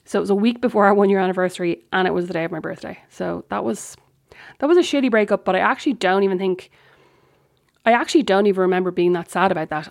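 An Irish woman hosting a podcast, candidly telling a personal story in a chatty way and acting out the dialogue. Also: fairly low pitch. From Ireland. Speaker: podcast host. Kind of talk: casual storytelling monologue.

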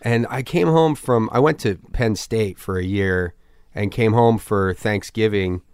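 A man's voice: fairly low pitch, unhurried, a little mellow, smooth, dry recording. 30s guy from philly, rambles and restarts a lot, swears casually, dead dry mic. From Philadelphia, US. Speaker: comedian guest. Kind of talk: casual podcast conversation.

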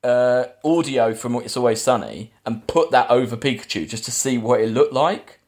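A man's voice: mid-range voice, moderate pace, a little mellow. A man hosting a casual film-review podcast, rambling through plot retellings with lots of restarts. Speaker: podcast host.

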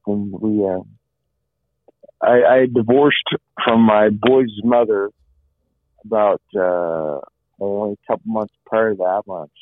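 Low-pitched and free of echo, this middle-aged man's voice comes over a dry, phone-like line as he earnestly tells his story in an interview. Phrases recur, and "you know" comes up again and again.

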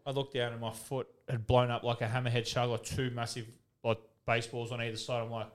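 A man's voice: mid-range voice, little pitch movement, quick pace. A man in his thirties with an Australian accent, a retired footballer chatting as a guest and telling candid, rambling stories with swearing and laughter. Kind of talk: casual podcast storytelling.

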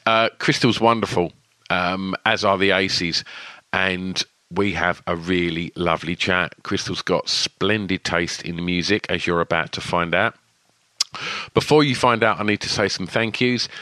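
A man with a lisp, hosting a podcast with a low but bright, forward voice. He talks in a rambling, self-deprecating way. The sound is dry and close. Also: steady tone, unhurried, dry recording. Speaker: podcast host. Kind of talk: casual podcast intro. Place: home shed.

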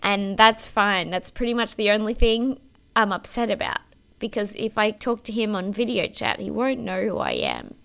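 Aussie woman podcast cohost, bright crisp voice, giggly and sweary. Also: mid-range voice, big pitch swings, normal speed. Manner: laughs often, swears casually. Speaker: podcast co-host. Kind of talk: casual chat recapping a TV show.

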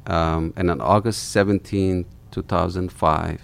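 Gravelly man telling stories. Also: low-pitched, unhurried. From Turkey. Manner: animated, repeats words when excited. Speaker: company founder guest. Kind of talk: storytelling in an interview.

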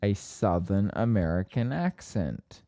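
A man's voice: on the low side, big pitch swings, takes it slowly, dark tone, no room sound, studio quality. A man co-hosting a casual podcast, teasing and playful in banter. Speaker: podcast co-host.

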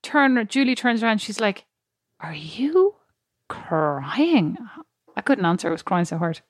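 A woman in her thirties co-hosting a casual chat, telling animated stories and laughing easily. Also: mid-range voice, fast talker, dry recording, clean studio sound.

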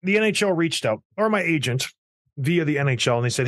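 A man's voice: on the high side, a little fast, no echo, studio quality. A man in his thirties hosting a casual hockey talk show, ranting and acting out the people in his stories. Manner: animated, ranting storyteller who acts out quotes. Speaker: podcast host, former hockey player.

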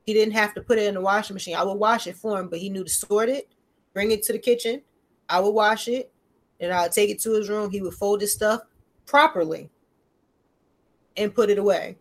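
A woman's voice: medium pitch, brisk. A woman in casual conversation about her children, telling stories in a slangy, profane way and acting out both sides of the dialogue. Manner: animated storytelling, acting out dialogue in shifting voices. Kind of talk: casual podcast chat.

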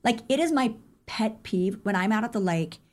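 A woman guest on a podcast, a running coach telling stories in a casual, animated way, filled with "like" and "I mean.". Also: medium pitch, a little hiss or hum. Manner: animated, acts out quoted dialogue; rapid, chatty with many fillers like "like" and "I mean". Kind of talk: casual interview storytelling.

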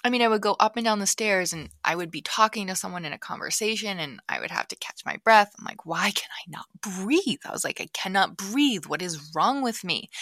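A woman in her thirties hosting a podcast from her basement office, telling a personal story in a chatty way with many fillers and hushed asides. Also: mid-range voice, dry recording, studio quality. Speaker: podcast host. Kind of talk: casual solo podcast storytelling.

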